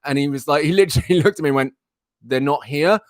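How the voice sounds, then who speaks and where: A man's voice: on the high side, racing, no room sound, clean studio sound. A young man hosting a live talk stream, telling a rambling, exasperated story and repeating himself for emphasis. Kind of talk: casual ranting anecdote.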